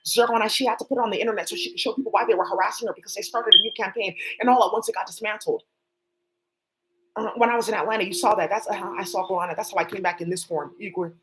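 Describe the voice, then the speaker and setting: A fast-talking woman with a mid-range voice and a steady tone rambles solo on a livestream, cursing and jumping from one subject to another. There's noise in the background.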